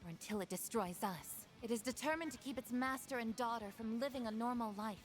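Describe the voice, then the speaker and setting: A woman's voice: on the high side, brisk, faint music behind, close to an everyday voice. Woman voicing an earnest young heroine. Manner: sincere, encouraging. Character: earnest young woman ally, gentle and resolute. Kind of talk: video game voice acting.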